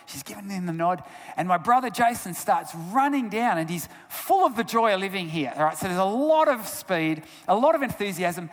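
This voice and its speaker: A man giving a sermon as a guest speaker, telling stories with big swings between loud bursts and hushed asides. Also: sits high. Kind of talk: storytelling sermon. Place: church sanctuary. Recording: long church reverb.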